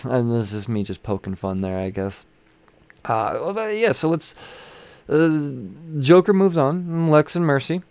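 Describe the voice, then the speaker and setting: A man's voice: a little high, lively intonation, a little slow, a little mellow, clear, resonant tone, dry recording. A man casually recapping a comic issue, rambling, swearing freely and chuckling as he goes. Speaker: comic book reviewer.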